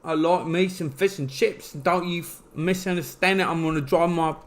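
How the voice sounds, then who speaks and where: A man's voice: a little high, fairly even intonation, normal speed, lightly acted. A man putting on a boastful, exaggerated Cockney accent as a joke. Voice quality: mock Cockney put-on, swearing.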